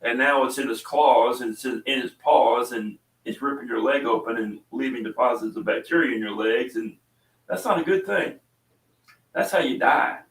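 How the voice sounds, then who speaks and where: A man's voice: medium pitch, normal speed, recorded from a distance. A middle-aged man hosting a casual chat, rambling and telling stories with lots of ums and uhs. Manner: rambling, chatty storytelling with many fillers. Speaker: podcast host and small coffee seller. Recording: roomy echo, voice away from the mic.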